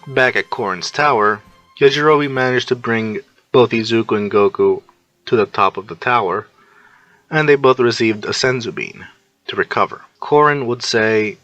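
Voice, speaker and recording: A man's voice: mid-range voice, moderate pace, fairly bright tone, muffled recording. A man reading a fan fiction story aloud as narrator, telling it plainly and introducing each character's line.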